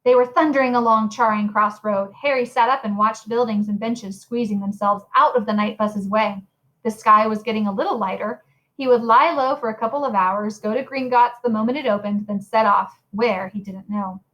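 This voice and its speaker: Expressive woman reading a storybook aloud. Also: on the high side, moderate pace, rough recording. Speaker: reader. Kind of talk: audiobook reading of a novel.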